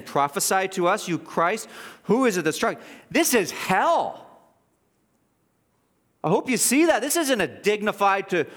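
Animated preacher man in a reverberant hall. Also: high-pitched. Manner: animated, mocking asides, frequent restarts. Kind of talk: expository sermon.

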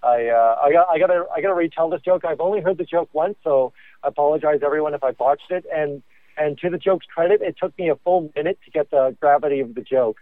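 A man's voice: on the high side, fast talker, no room sound. A man co-hosting a podcast by phone while driving, telling a joke in a hesitant, rambling way full of fillers. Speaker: podcast co-host. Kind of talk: casual chat by phone. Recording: tinny phone line.

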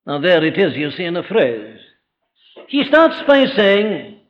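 High voiced guy preaching a sermon, lots of rhetorical questions, drags out key words, muffled lo-fi recording. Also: huge pitch swings. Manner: emphatic, full of rhetorical questions, slows right down on key phrases. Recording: dull lo-fi recording.

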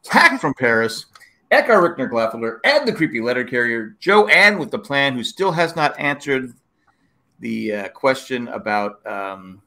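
A man co-hosts a loose comedy podcast, joking and rattling off plugs and thank-yous. His voice is bright, and his pitch bounces around a lot. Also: sing-song, a little slow. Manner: jokey, wraps up the show with plugs. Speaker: podcast co-host. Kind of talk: casual banter.

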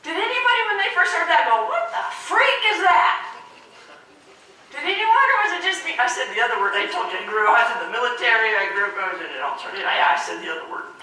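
Woman, motivational speaker, high bright voice, echoey hall from far off. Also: a little hiss or hum. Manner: energetic, animated, asks the audience questions. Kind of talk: keynote speech to a live audience.

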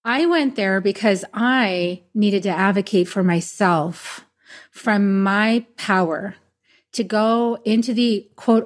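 Earnest, emphatic woman in her fifties. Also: mid-range voice. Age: 50s. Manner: earnest and emphatic, speaking up for herself. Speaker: podcast host. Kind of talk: casual conversation.

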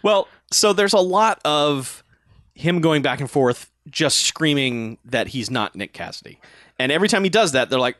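A man's voice: a little high, expressive, moderate pace, a bit bright, no echo, clean studio sound. A man co-hosting a casual podcast, retelling a movie plot with laughs and acted-out quotes. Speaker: podcast co-host. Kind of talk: casual movie recap chat.

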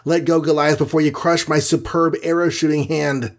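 Guy voicing a cocky archer hero, sarcastic wisecracks, a bit higher. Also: sing-song, slow, fairly bright tone, husky, exaggerated voice. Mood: joking. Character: wisecracking male archer superhero.

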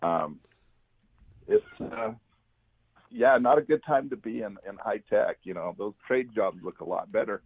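A man's voice: on the low side, lively intonation, unhurried, long pauses, slightly rough, dry recording. A male co-host on a talk show who answers with wry, dry quips. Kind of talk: casual radio talk show chat. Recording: tinny phone-like line.

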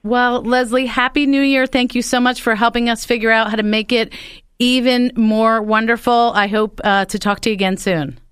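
Woman radio host, smooth and crisp, slightly high, dry studio sound. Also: level tone, normal speed, a bit bright, dry recording. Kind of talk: radio interview.

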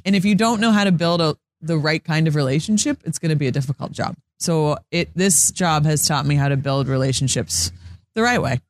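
A woman's voice: sits low, brisk, dry recording, studio quality. Chatty young woman telling a story. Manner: earnest, chatty, many "like" fillers, acts out quotes. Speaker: sports TV reporter, interview guest. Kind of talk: casual interview storytelling.

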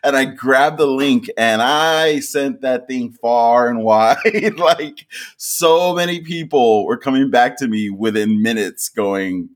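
A man co-hosting a podcast in casual chat, animated and often laughing. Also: medium pitch, takes it slowly. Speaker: podcast co-host.

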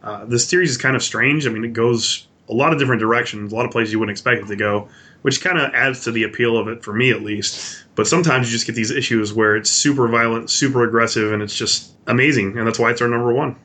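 A man's voice: mid-range voice, fairly even intonation, quick pace, sharp tone, slightly rough. A man co-hosting a casual comics podcast who recaps issues at length in an enthusiastic, rambling way, with plenty of fillers. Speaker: podcast co-host.

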